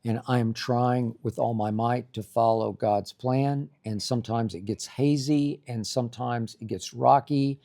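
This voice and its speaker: An older man co-hosting a casual chat, dry and teasing, slowing down when he talks about faith. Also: medium pitch, steady tone, creaky, mellow. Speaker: co-host.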